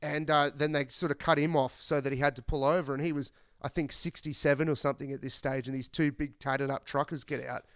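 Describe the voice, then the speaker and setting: A podcast host telling rambling, profane stories in casual chat. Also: male voice, a little high, fairly even intonation, fast, hardly any pauses, fairly bright tone, smooth, dry recording, studio quality. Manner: rambling, profane, laid-back.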